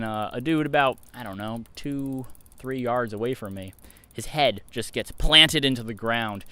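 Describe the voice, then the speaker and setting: A man from Connecticut telling a personal story in a casual, animated way, acting out the quotes. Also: medium pitch.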